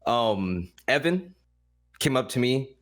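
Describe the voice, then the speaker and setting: A man guesting on a podcast, telling a story in a blunt, animated way and swearing freely. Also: medium pitch, slow pace. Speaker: podcast guest, esports caster. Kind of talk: casual storytelling.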